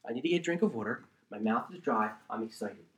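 A man's voice: medium pitch, expressive, fast. Man preaching in a roomy, echoing space. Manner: swings between loud emphatic bursts and quiet asides; conversational, checks in with listeners. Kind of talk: sermon with Bible teaching. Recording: roomy echo.

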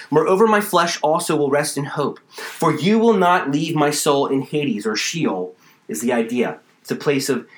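Fervent man preaching a verse-by-verse sermon, higher voice, roomy echo. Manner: expository preaching, reads scripture then explains, builds to fervor. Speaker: pastor.

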